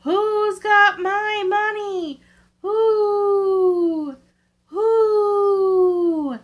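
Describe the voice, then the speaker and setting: A woman voicing the ghost of a dead woman, crying out in slow, drawn-out wails from a storybook. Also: very high-pitched, fairly even intonation, voice pushed up, full character voice. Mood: wailing. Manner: slow drawn-out wailing cries. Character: ghost of a dead woman, blind, wailing for money.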